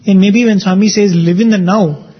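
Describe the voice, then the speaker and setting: A man, explaining ideas in a measured way in a discussion. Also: high-pitched, steady tone, breathy edge, muffled recording. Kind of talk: reflective discussion.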